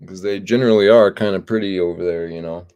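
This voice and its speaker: A man hosting a casual livestream, chatting and reading viewer comments aloud in a relaxed, drawling way. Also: sits low, quick pace, smooth. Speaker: livestream host.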